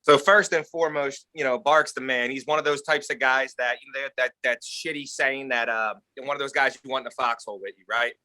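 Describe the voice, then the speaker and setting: A man co-hosting a podcast, ranting loudly in profane mock anger. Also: medium pitch, steady tone, a little fast, few pauses. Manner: loud, swearing, ranting and mock-angry. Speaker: podcast co-host. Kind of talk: profane casual banter.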